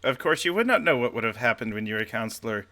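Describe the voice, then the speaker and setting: A man playing a thin, self-righteous orator who speaks in a stiff, haughty, measured way. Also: medium pitch, expressive, sharp tone. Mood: scornful.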